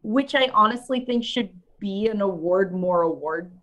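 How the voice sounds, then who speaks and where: A woman's voice: medium pitch, animated, normal speed, fairly bright tone. A woman from the United States co-hosting a casual talk show, chatty and articulate. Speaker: podcast co-host. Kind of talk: casual chat.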